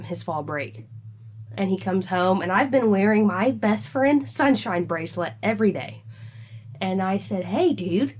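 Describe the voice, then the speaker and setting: Woman, mid-pitched voice, casual podcast storytelling, animated, acts out the dialogue. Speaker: podcast co-host.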